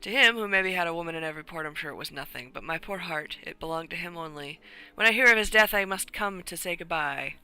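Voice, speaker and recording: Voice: medium pitch, quick pace, few pauses, pushed and bright, clean tone. A streamer voicing a flirtatious Spanish countess in a put-on Spanish accent, with broken, dramatic English. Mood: wistful.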